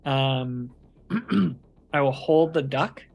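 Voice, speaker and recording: A man playing in a tabletop role-playing game, playful and quick to laugh. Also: medium pitch, expressive, gravelly, darkish tone, soft background music. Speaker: player.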